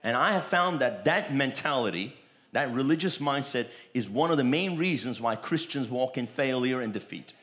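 A man's voice: mid-range voice, expressive, moderate pace, fairly bright tone. A man preaching a sermon, with emphatic, repetitive declarations that rise in bursts.

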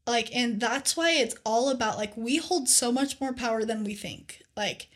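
A young woman co-hosting a faith podcast, telling scripture stories in an earnest, animated casual way with lots of "like.". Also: fairly high pitch, normal speed. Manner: earnest, animated storytelling with many "like"s. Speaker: podcast co-host.

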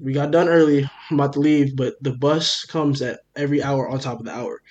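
A young man, a podcast co-host, telling a story in casual chat, animated and profane, acting out what everyone said. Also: medium pitch, lo-fi sound. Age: young adult. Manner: animated, profane, rapid retelling with quoted dialogue.

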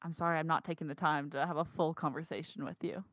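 A woman's voice: low voice, steady tone, fast talker, a bit bright, no room sound. A woman who works as a barista, co-hosting a casual podcast and venting frankly. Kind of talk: casual chat.

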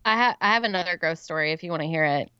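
A woman's voice: lowish voice, rapid-fire, clear, resonant tone, no echo. A woman in her thirties co-hosting a podcast, telling rambling stories with frequent giggles and "um"s, on a slightly muffled recording. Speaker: podcast co-host. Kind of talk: casual storytelling.

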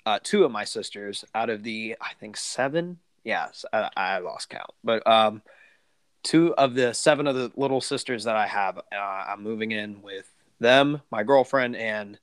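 A man's voice: fairly low pitch, unhurried, clear, resonant tone, no room sound. A man hosting a podcast in casual chat, rambling with lots of fillers and restarts. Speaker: podcast host.

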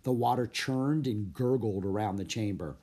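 A man narrating a children's storybook in a steady, measured reading voice. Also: fairly low pitch, slightly rough. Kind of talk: storybook read-aloud narration.

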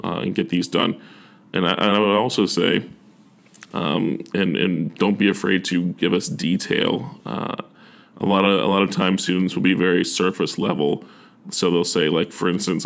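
Low gravelly man giving earnest advice. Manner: earnest, encouraging, with many fillers and restarts. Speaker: university admissions officer. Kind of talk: casual advice talk.

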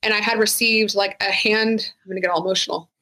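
A woman's voice: medium pitch, fairly even intonation, quick pace, bright, forceful tone, low-quality recording. A woman who is a retired sheriff's deputy, speaking frankly and casually as a guest in an interview, with many "like" fillers. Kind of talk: candid interview conversation.

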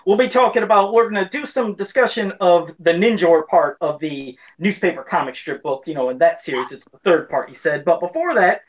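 A man's voice: high voice, expressive, fairly quick, few pauses, rough recording. Friendly man hosting a podcast. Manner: friendly, jokey introductions. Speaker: podcast host.

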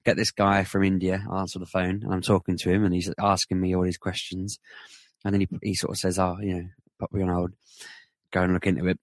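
A man co-hosting a podcast, telling an animated story in casual chat. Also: low voice, fast, no room sound. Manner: animated, rising to excited retelling. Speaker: podcast co-host.

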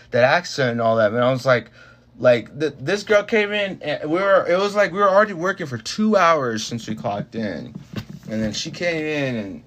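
A man's voice: medium pitch, fairly bright tone. Young adult man, casual chat, rambling storyteller who swears freely, mid-range voice. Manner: rambling, full of fillers and restarts, swears freely. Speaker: podcast talker telling a work story.

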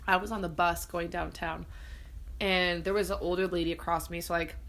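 A woman in casual conversation, telling personal stories in an animated way and acting out what people said. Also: lowish voice, brisk, creaky. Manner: animated, acts out quoted lines while storytelling. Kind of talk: casual storytelling.

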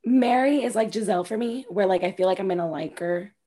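A woman co-hosting a casual chat about reality TV, excitable and laughing often, with a slightly husky voice. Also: medium pitch, fast. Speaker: podcast co-host.

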